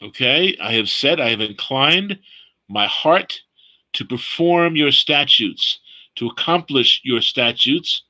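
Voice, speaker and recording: Bright-voiced man leading scripture study. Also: medium pitch, rough recording. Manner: explains word meanings slowly, repeating phrases. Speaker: Bible study leader. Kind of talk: teaching a scripture study session.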